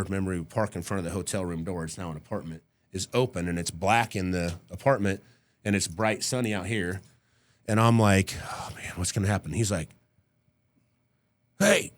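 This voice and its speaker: A middle-aged man with a fairly low voice tells a story as a guest on a podcast. He talks casually and swears freely. He acts out the people he quotes in quick little voices. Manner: casual and profane.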